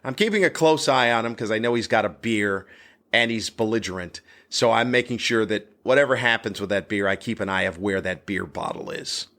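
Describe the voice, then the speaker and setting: Telling a story alone on his podcast, this stand-up comic is crude and blunt, going a little fast in a fairly bright voice that jumps high as he relives the moment.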